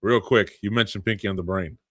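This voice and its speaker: A man co-hosting a podcast in casual chat, telling a story in an animated way with frequent restarts. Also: on the low side, fast talker, no echo. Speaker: podcast co-host.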